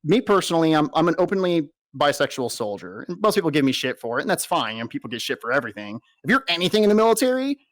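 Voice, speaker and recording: Exasperated young man ranting, fairly high voice. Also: fast talker, hardly any pauses, no echo. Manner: animated, exasperated, heavily profane. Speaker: soldier being interviewed. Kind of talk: ranting interview storytelling.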